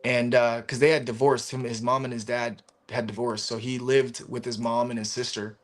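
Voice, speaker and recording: A man hosting a casual stream, his voice sitting at an ordinary middle pitch. He tells animated, profane stories and acts out what people said. He sounds like he is on a video call. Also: moderate pace. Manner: animated storyteller, swears freely, acts out quotes. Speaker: stream host. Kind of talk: casual chat.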